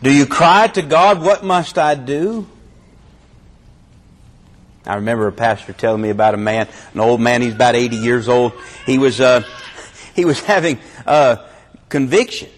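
A man preaching a sermon with fervour, his delivery swinging between loud and hushed. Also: mid-range voice, expressive, fairly quick.

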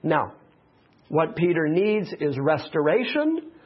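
Man, pastor, emphatic sermon, husky, slightly high voice, dull lo-fi sound. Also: big pitch swings, slow. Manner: emphatic preaching with repeated phrases.

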